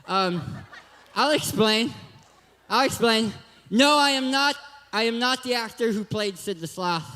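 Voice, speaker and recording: A young man from Southern California gives a joking, hyper youth talk at a church. His voice is high and his speech has a cartoon-like lisp. A long hall echo trails his words. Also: moderate pace, pushed and bright. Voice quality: lisping, cartoon-like voice. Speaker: guest speaker.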